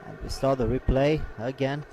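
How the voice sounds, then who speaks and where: A man commenting live on a combat sports event, with a halting delivery full of "uh" fillers. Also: medium pitch, steady tone, mellow, a little hiss or hum, poor audio.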